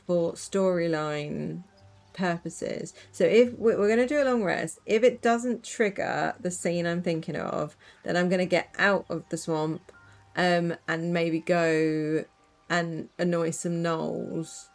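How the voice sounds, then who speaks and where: A woman's voice: on the low side, fairly even intonation, takes it slowly, faint music behind. A woman streaming a game, chatting casually with rambling asides and giggles. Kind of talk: casual let's-play commentary.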